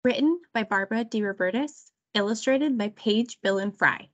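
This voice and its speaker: A woman reading a children's picture book aloud with an expressive delivery. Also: fairly high pitch, moderate pace, lo-fi sound. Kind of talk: storybook read-aloud.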